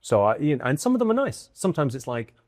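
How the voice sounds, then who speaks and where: A British man in his own voice, chatting animatedly as an interview guest, with a mid-range pitch. He acts out quoted lines in quick bursts. The sound is close and dry. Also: no room sound. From United Kingdom. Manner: quick, lively storytelling with acted-out quotes and bursts of laughter. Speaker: guest comedian. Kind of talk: animated conversational storytelling.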